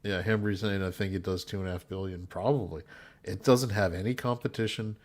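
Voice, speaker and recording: A man co-hosting a casual stream, rambling with halting restarts about movies. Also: deep voice, steady tone. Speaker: podcast co-host. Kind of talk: casual hangout stream chat.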